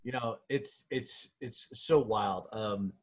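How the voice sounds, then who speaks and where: A man's voice: on the low side, slow, breathy edge, dry recording. A man hosting a podcast in casual chat, laid-back and loose, swearing now and then and calling his guest "dude.". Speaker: podcast host.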